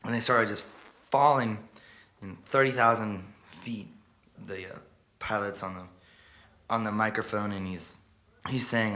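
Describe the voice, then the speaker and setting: A man quietly murmuring a story as the spoken intro of a song. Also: fairly low pitch, fairly even intonation, unhurried. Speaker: singer telling a story before a song. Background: plucked guitar music.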